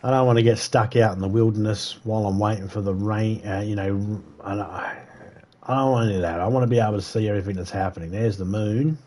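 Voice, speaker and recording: This chatty, profane monologue comes from an American man streaming a survival game and rambling to his viewers. His fairly low voice moves fast, with fairly even intonation and a darkish tone.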